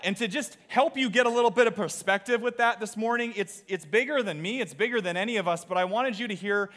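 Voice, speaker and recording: A man preaching as a pastor in a church service, earnest and animated, with repeated phrases. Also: sits high, a little fast, few pauses. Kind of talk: sermon. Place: church auditorium.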